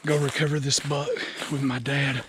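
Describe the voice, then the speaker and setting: A young man talking as he walks outdoors in a hunting vlog, in a steady, matter-of-fact way. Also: mid-range voice, moderate pace. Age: young adult. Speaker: hunter. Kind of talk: walk-and-talk hunting vlog. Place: outdoors in the woods. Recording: outdoor recording with clear background noise.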